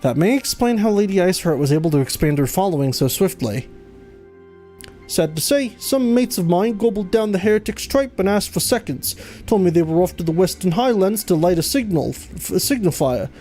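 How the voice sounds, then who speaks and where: A streamer voicing a blunt, low-born male soldier in a video game, in a rough, put-on working-class accent. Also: expressive, fairly quick, warm tone, soft background music, natural voice. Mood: gruff.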